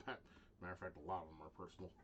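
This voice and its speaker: A man ranting in a profane vlog monologue, halting with restarts and swinging from low muttering to loud shouting. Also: lo-fi sound. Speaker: vlogger.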